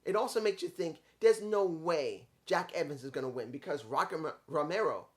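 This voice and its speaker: Male wrestling reviewer, slightly higher-pitched, casual and rambling, easily frustrated, stumbles over words. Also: lively intonation, moderate pace. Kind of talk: casual opinion commentary.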